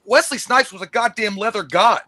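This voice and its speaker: An excitable man rattles off profane, rambling livestream chatter at a rapid clip. His voice is bright and forceful, and faint noise sits behind it. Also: high voice. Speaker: podcast co-host. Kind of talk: casual livestream banter.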